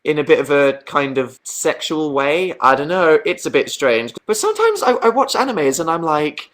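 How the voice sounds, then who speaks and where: A man's voice: fairly high pitch, moderate pace, fairly bright tone. A young man, chatting casually on a livestream as he answers viewer questions, hesitant and self-deprecating.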